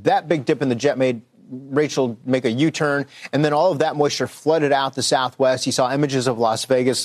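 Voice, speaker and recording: Animated man in weather banter. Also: medium pitch. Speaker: meteorologist. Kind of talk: conversational weather forecast.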